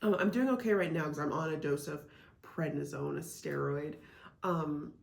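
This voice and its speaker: A woman from Iowa talks casually to camera about her reselling, her fillers running through every sentence. Her voice sits low with a gravelly edge, and the room around her rings with echo. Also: moderate pace. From Iowa, United States. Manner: chatty, with frequent "like" and "um" fillers. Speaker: reseller vlogger. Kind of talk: casual vlog chat. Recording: echoey room.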